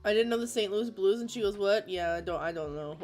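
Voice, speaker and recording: A woman in her thirties from Florida hosts an art livestream, chatting casually while she draws, reading the chat aloud and laughing often. Her mid-range voice is brisk with a darkish tone, over soft background music.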